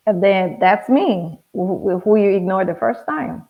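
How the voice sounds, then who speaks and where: A woman with a Nigerian accent, a pharmacist telling stories in a relaxed, wry interview manner, often acting out other people's lines. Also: medium pitch, a little slow, hardly any pauses. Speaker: guest, pharmacist. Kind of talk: conversational interview storytelling. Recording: tinny, phone-like audio.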